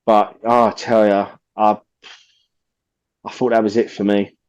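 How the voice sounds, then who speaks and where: A man's voice: lowish voice, level tone, a little slow, a little mellow, clean tone, no echo, highs cut off. A man, a podcast guest telling stories casually, animatedly acting out quotes and swearing freely.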